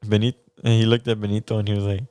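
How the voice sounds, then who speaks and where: A man's voice: fairly low pitch, little pitch movement, racing, a little mellow, clear, resonant tone, no echo. A young man, co-hosting a podcast and telling a story in casual chat, laughing often and swearing casually. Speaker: podcast co-host.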